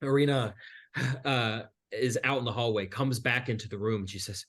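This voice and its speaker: A man narrating a tabletop game as game master, pausing often and filling gaps with hesitations. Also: mid-range voice, steady tone. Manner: halting, many fillers.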